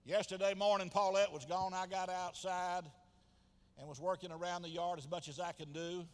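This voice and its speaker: A man, preaching a sermon as pastor, swinging from quiet asides to loud shouted passages. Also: high-pitched, flat delivery, normal speed. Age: 70s. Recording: long hall reverb.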